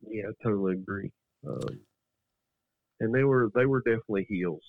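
Brief: deep-voiced male co-host, matter-of-fact, dry phone-quality audio. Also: lively intonation, fairly quick, creaky, no echo. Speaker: podcast co-host. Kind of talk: casual chat. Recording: tinny phone-like line.

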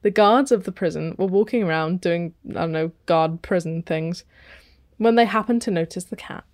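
A woman's voice: fairly low pitch, normal speed, a little mellow, no echo, studio quality. A woman co-hosting a podcast, reading out a story in a playful way. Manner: playful, laughs often, reads stories aloud. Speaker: podcast co-host. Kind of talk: casual storytelling chat.

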